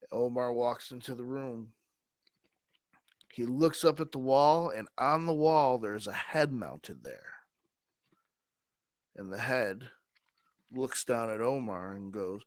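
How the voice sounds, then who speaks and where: Slow, animated man telling a comic tale. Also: mid-range voice, no echo. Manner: slow, drawn-out delivery with dramatic pauses. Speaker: co-host. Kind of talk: improvised comic storytelling.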